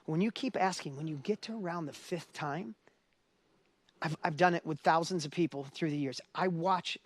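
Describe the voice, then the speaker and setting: A man's voice: a little high, moderate pace, dry recording. A middle-aged man speaking as an event speaker, telling a personal story in a motivational stage talk and building to urgent exhortation.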